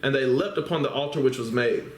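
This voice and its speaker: Talking fast in a mid-range voice, a Bible teacher reads passages aloud before explaining them in everyday language. He regularly checks in with listeners using tag questions, and the room gives an audible echo.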